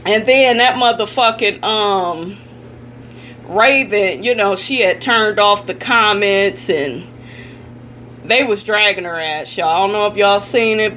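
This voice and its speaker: Woman vlogger, bright edgy voice, blunt cussing rant, faint hum behind. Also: mid-range voice. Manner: blunt, profane and indignant, addressing viewers directly. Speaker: celebrity gossip vlogger. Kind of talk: ranting commentary vlog.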